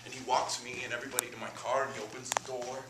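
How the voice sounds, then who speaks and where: A man from Miami performing an animated, self-mocking comic monologue on a theater stage. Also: mid-range voice, rapid-fire, far from the mic. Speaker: solo performer. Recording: roomy stage taped from afar, noisy.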